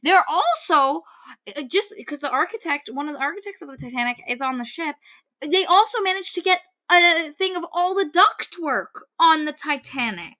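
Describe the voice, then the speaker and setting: A higher-pitched woman with a bright, ringing tone. She co-hosts a casual book-review podcast and picks apart a novel with lively exasperation. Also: normal speed. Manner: animated, exasperated critique. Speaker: podcast co-host.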